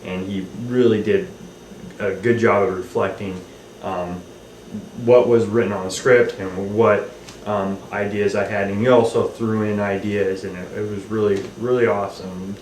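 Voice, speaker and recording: A man's voice: fairly low pitch, fairly even intonation, normal speed, darkish tone, recorded from a distance. A man, a film director, recalling making his film in a rambling, casual way full of ums and restarts. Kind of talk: casual behind-the-scenes recollection. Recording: roomy, off-mic, faint hiss.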